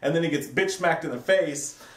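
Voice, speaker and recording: A man co-hosting a casual, profane review of a TV episode, full of quick wisecracks. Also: a little high. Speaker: podcast co-host reviewing a TV episode. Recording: echoey room, mic far off.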